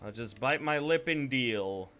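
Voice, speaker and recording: A young man streaming a game, his voice bright and bouncy as he rambles through casual commentary. He swears freely and chats with viewers, and faint game music plays underneath. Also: mid-range voice, expressive, a little slow. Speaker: Twitch streamer. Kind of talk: casual live gameplay commentary.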